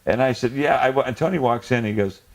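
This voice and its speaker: A man's voice: medium pitch, fast. A man as a guest in a casual comedy chat, telling an anecdote and acting out the quotes. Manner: animated anecdote teller, acts out quotes.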